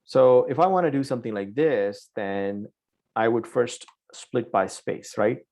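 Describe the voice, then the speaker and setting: A man's voice: medium pitch, unhurried, a little mellow. A man teaching an online programming class, explaining step by step and checking in with "right?" after each point. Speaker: programming instructor. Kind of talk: live online coding lesson.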